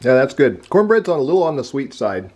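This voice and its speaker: A man's voice: medium pitch, sing-song, fairly quick, darkish tone. A man giving a casual taste-test review, chewing and talking with his mouth full. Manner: chews and talks with mouth full. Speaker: food reviewer.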